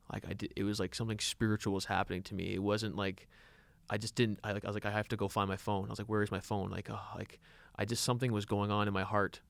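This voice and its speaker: A young man co-hosting a podcast, telling a personal story in an earnest, halting way with many restarts. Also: fairly low pitch, creaky, clean tone, dry recording. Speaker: podcast co-host. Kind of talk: personal storytelling in casual chat.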